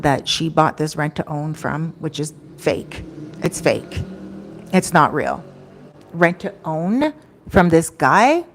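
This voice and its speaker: Chatty woman telling a story, lowish voice. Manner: chatty, acts out what people said. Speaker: storytime vlogger. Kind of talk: casual storytelling to camera. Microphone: microphone.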